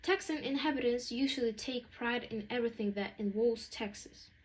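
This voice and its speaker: A woman's voice: a little high, normal speed, rough recording. A young woman reading a school presentation aloud, plainly and with small slips. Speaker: student presenter.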